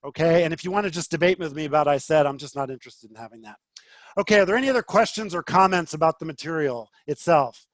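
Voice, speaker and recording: A man runs an online trading class, firm and impatient with a student. His voice sits fairly high. It is recorded close, with no room sound. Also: expressive, fast talker, no echo. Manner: blunt, impatient, rising to frustrated. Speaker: trading instructor. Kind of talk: live online teaching session.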